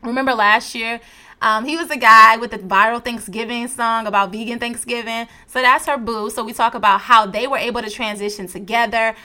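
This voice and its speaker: A woman's voice: fairly high pitch, fairly even intonation, fairly quick, bright, forceful tone. A woman hosting a podcast, chatting enthusiastically with her guest and laughing often. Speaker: podcast host. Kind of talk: casual interview chat.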